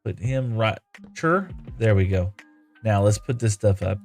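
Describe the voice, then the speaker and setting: A man's voice: fairly low pitch, lively intonation, unhurried, darkish tone, faint music behind. Chatty man live-streaming a game. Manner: chatty, reads viewer comments aloud, thanks viewers. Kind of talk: casual live-stream chat while playing.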